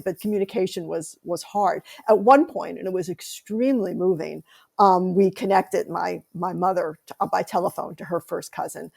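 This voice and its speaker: An American woman author, a guest on an interview podcast, telling lively anecdotes in conversation. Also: on the low side, creaky. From United States.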